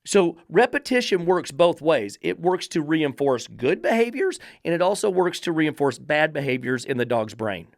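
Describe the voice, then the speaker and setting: A man's voice: a little high, big pitch swings, moderate pace, few pauses, no room sound, studio quality. Emphatic dog trainer host, man. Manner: preachy, repetitive rhetorical questions. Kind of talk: emphatic podcast monologue.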